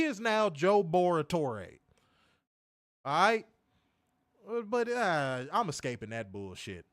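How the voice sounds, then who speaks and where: A man casually reviewing a wrestling show on a livestream, animated and profane, full of slang, reading viewer chat aloud. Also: fairly high pitch, slow, pauses often, no room sound, clean studio sound.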